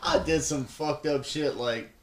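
A man's voice: a little high, unhurried, noisy background. A man co-hosting a podcast, chiming in with dry, teasing remarks. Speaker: podcast co-host. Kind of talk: casual chat.

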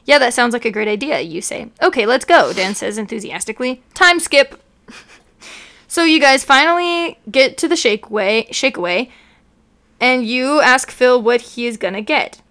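Young female podcast co-host, a touch high-voiced, reads fanfic aloud, mocks it as she goes. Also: moderate pace, a bit bright. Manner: reads with mocking asides, often laughing.

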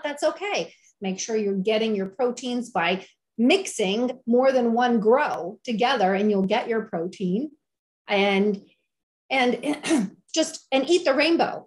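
A middle-aged woman with a somewhat high voice speaks as a health-minded chef in an interview. She talks eagerly and a little preachily, circling back to repeat her points for emphasis. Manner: enthusiastic, repetitive, preachy. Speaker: health and wellness chef, guest. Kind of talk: conversational interview.

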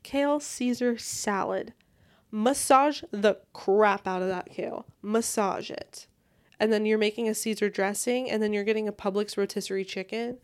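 A young woman hosts her own casual podcast from bed at home, chatting along in a bubbly, relaxed, rambling manner. She speaks at a typical middle pitch for a woman, with a clean, slightly mellow tone.

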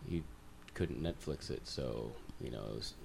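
A man in his thirties, a podcast guest, talking in a hesitant, low-key way. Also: moderate pace, creaky, slight background noise. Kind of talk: casual interview chat.

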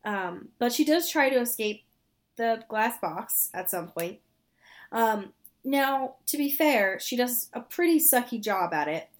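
A woman's voice: fairly high pitch, expressive, a little slow. A woman co-hosting a casual chat that recaps a TV show, sarcastic and exasperated, swearing freely. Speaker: podcast co-host.

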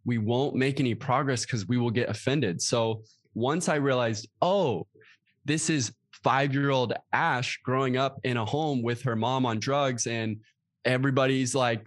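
A man co-hosting a casual talk about relationships, earnest and animated as he explains. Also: medium pitch, no echo, studio quality. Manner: earnest, animated storytelling with quick asides.

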